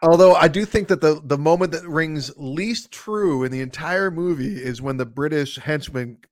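A man's voice: a little high, moderate pace, no room sound, studio quality. A man co-hosting a casual movie review podcast, rambling with restarts and fillers. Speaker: podcast co-host.

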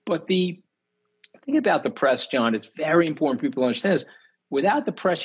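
A husky-voiced man, telling stories as an interview guest. He speaks emphatically and with indignation, and his voice climbs sharply when he is outraged. The audio is slightly dull and lo-fi. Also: mid-range voice. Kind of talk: animated interview storytelling.

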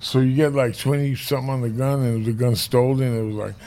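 Fast-talking, mellow-voiced streetwise man. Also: medium pitch, steady tone. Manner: profane, streetwise, rambling storyteller. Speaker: podcast guest telling prison stories. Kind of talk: casual storytelling chat.

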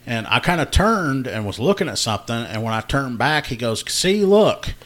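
A man's voice: mid-range voice, expressive, brisk, a bit bright. A man, hosting a casual podcast and telling a work story about a call-out, laughing often and acting out what people said. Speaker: podcast host, law enforcement officer.

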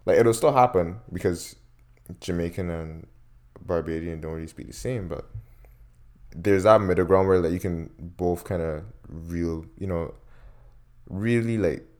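A man's voice: low voice, measured pace, darkish tone. A young adult man co-hosting a podcast, chatting in a laid-back, playful way with teasing banter. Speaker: podcast co-host. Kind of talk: casual chat.

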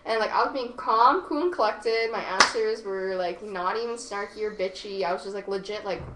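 A woman's voice: mid-range voice, moderate pace. A woman guest on a podcast telling a personal story in casual chat, full of "like" and free swearing. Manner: animated, heavy use of "like", swearing freely. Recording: echoey room with faint noise.

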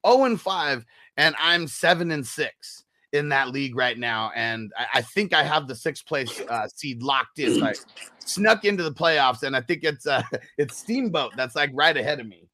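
A man's voice: a little high, animated, normal speed, pushed and bright, no echo. A young man hosting a fantasy football stream, talking in a slangy, laid-back way and reading viewer comments aloud. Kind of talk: casual stream chat.

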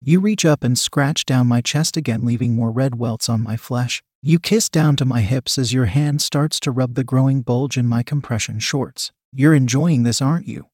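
A man calmly narrating a first-person erotic audio story in an intimate reading voice. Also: medium pitch, moderate pace, few pauses, husky, no echo, clean studio sound.

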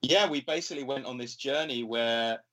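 A man's voice: mid-range voice, normal speed, bright, forceful tone, poor audio. A man in his thirties with a London accent, a film director telling a long story in a casual, rambling interview. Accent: London English. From England. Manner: chatty, rambling, full of fillers and acted-out quotes.

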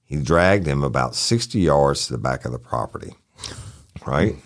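A man's voice: very deep voice, expressive, moderate pace. A middle-aged man co-hosting a crime news podcast, reading headlines aloud in a casual way and breaking off with asides. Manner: reads news aloud, trails off, says y'all. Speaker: podcast co-host.

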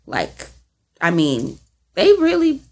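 A woman co-hosting a casual discussion, animated and emphatic, with dramatic pauses. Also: mid-range voice.

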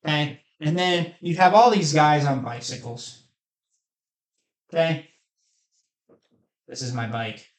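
A man's voice: fairly high pitch, slow, long pauses. A man doing a rambling comic monologue, joking and sarcastic. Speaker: comedic host.

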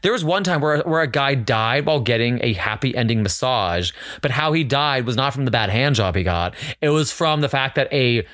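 A man's voice: mid-range voice, a bit bright, no room sound. Man, podcast host, casual chat, candid and emotional, close dry sound. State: holding back tears. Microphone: studio microphone.

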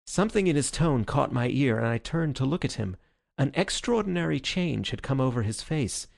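A man narrating an audiobook in a steady, even reading style. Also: medium pitch, moderate pace, gravelly, no echo, clean studio sound.

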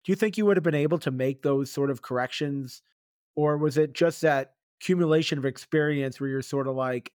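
A man's voice: medium pitch, a little fast, a little mellow, dry recording, studio quality. A man hosting a podcast, asking eager follow-up questions. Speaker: podcast host. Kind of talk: interview questions.

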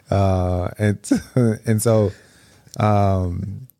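A man's voice: lowish voice, vocal fry, mellow. An American man co-hosting a podcast, talking in a laid-back, chuckling way in casual discussion. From United States. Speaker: podcast co-host.

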